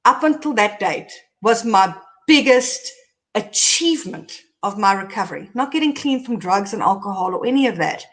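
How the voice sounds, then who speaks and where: A middle-aged woman, hosting and candidly telling her own story, animated as she recounts events. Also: mid-range voice. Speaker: host.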